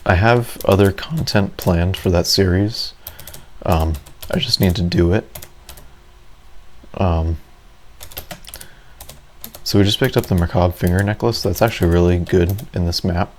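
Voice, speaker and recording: A man's voice: deep voice, measured pace, long pauses, a little hiss or hum. A man giving casual, rambling commentary over his own gameplay, self-deprecating and full of fillers. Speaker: gaming video creator.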